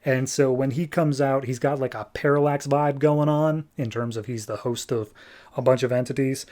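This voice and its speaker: Man, podcast host, casual comic recap, mid pitch, breezy. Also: steady tone, darkish tone. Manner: breezy retelling, slips into quick character voices.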